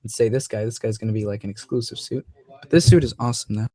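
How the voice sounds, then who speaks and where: A man's voice: fairly low pitch, quick pace, dark tone, slightly rough. Rambling young male live-stream host. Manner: rambling, many fillers and restarts. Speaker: host of a live toy-review show. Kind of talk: casual live-stream chat.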